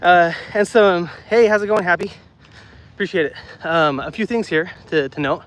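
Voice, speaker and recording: A man streams while walking outdoors, chatting casually and reading comments from live viewers, out of breath and prone to repeating himself. His voice sits high and a bit bright, at a normal speed. Captured on a phone mic alone, it carries a little hiss or hum.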